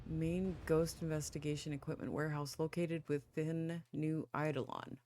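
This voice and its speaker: Sleepy and yawning, with apologies for each yawn, a gaming channel host reads tutorial instructions aloud at home and drops in brief offhand comments as casual let's play commentary. The voice is middle-pitched, level and dark in tone, over a faint low background hum.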